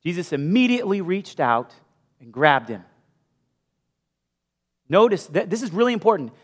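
Animated male pastor in an echoing hall. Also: high-pitched, moderate pace, husky. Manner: animated storytelling, shifts between loud bursts and hushed asides. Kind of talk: sermon. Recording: long hall reverb.

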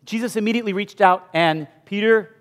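A male pastor preaching a sermon with animated storytelling, moving from loud bursts to hushed asides. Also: high voice, fairly quick. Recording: long hall reverb.

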